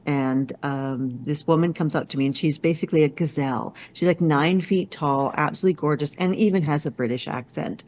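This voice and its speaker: Low-voiced woman consultant over a call. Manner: animated, self-deprecating storyteller with quick asides. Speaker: business consultant and speaker. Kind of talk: conversational storytelling interview. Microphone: video call. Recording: dull lo-fi video call audio.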